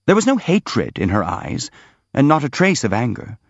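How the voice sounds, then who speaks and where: A man narrating a literary audiobook in an expressive, measured reading. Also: medium pitch, vocal fry, breathy edge, dry recording. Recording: slightly dull dry recording.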